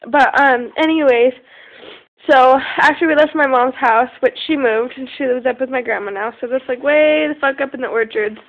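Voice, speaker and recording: Young woman rambling through a story, high voice w vocal fry, lots of um and like. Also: normal speed. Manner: rambling with many fillers and some swearing. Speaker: vlogger. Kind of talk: casual storytelling. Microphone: phone. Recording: tinny lo-fi phone recording.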